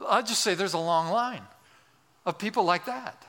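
Man, 60s, pastor, emphatic sermon, repeats phrases, fairly high voice, long hall reverb. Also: normal speed, bright, forceful tone. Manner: emphatic preaching, repeats key phrases, asks the congregation. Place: large church sanctuary.

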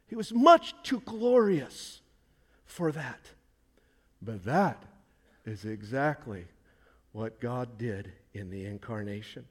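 A man preaching a sermon as pastor, emphatic, swinging between soft, quiet asides and loud, forceful declarations. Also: mid-range voice, sing-song, slow, long pauses.

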